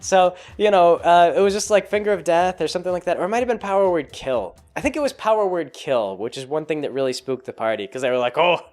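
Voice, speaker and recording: A man's voice: fairly high pitch, fast talker, hardly any pauses, a little mellow. A man casually recapping a tabletop game session in a rambling way, full of fillers and chuckles.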